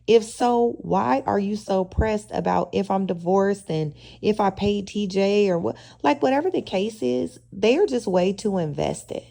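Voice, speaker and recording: A woman speaks. She recaps a reality show in a casual, sassy, opinionated way, full of slang. Her voice has a gravelly fry and a dark, mellow tone. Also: medium pitch. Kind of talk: casual chatty episode review.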